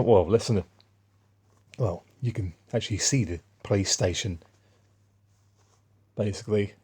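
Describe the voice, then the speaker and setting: Un hombre con acento inglés que cuenta historias en un vlog, de forma dispersa y con tono de agravio. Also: male voice, lowish voice, a little mellow, husky. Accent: English. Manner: rambling, aggrieved, restarts often. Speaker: vlogger. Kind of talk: casual spoken monologue, storytelling.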